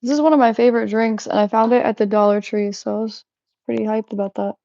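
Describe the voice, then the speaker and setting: A young woman rambles through a casual live-stream chat, giggling, restarting her sentences and drifting between thoughts. Her voice sits a little high but sounds mellow and dark, with a gravelly fry at the ends of her phrases. The sound is dull and lo-fi, and the room is dry and close. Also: steady tone, fast, dry recording. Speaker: livestream host.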